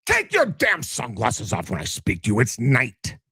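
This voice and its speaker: A man's voice: medium pitch, huge pitch swings, moderate pace, loud music behind the voice. A man voicing a stern, disapproving father scolding his grown son. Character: gruff, disapproving rural father.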